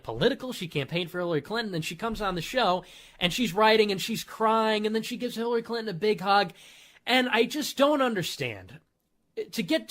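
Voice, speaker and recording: A man's voice: high-pitched, fairly bright tone. Sarcastic ranting male host. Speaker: show host. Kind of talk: monologue commentary show.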